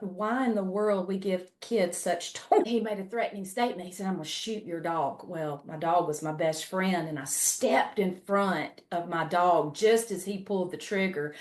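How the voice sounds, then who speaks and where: A woman's voice: mid-range voice, echoey room. A woman in her forties from South Carolina with a Southern drawl, telling a personal story in a folksy, homespun way as a guest speaker. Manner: folksy, storytelling, says y'all. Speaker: guest speaker, ministry leader. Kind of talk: webinar talk with personal story.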